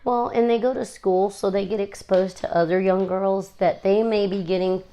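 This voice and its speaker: A woman's voice: mid-range voice, steady tone, moderate pace, mellow. A woman in her thirties, a guest chatting and telling stories about her kids. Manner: chatty storytelling, acts out her kids' lines. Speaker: guest, lawyer and mother. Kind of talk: casual interview chat.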